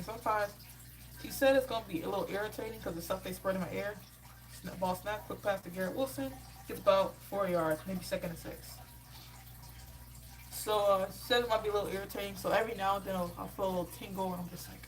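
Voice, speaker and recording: A woman hosting a live sports reaction stream, telling a story in an exasperated, slangy way with animated asides. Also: medium pitch, fast talker, poor audio.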